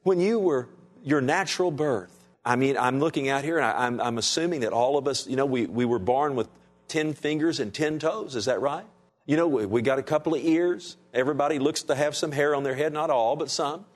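Man preaching with swinging loudness. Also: medium pitch, fairly quick. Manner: preachy call-and-response, asks the congregation "Amen?"; swings between raised emphatic lines and hushed soft ones. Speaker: pastor. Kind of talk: sermon. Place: church sanctuary.

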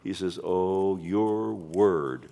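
Deep and warm with vocal fry, this pastor's voice builds in emphasis through his sermon. He slows to underline scripture and calls "Amen?" out to the congregation.

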